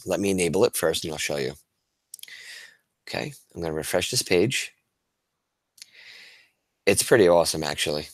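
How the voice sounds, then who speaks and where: Speaking to other educators in a webinar, a low-voiced male teacher demos tools on screen. His talk is casual and eager, full of fillers and restarts, and there's no room sound.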